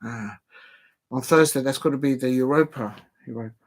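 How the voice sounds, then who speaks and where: Man, football livestream host, casual chat, rambling, talks straight to the fans, mid-pitched voice. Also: a little fast. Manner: rambling, chatty, addresses fans directly. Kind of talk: casual live-stream chat.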